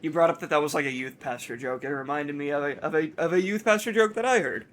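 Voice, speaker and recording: A man's voice: on the high side, a bit bright. Rambling man telling a long joke. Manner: rambling, halting storytelling with many restarts. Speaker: let's play co-host. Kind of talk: casual joke-telling while gaming.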